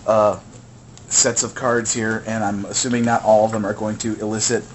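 A man co-hosting a casual podcast, joking and laughing often, with halting fillers. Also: lowish voice, level tone, slight background noise. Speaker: podcast co-host. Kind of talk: casual chat.

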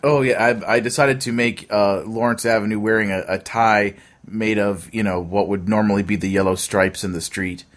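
Male co-host, lowish voice, calm and methodical storyteller. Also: normal speed, few pauses. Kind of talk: casual chat.

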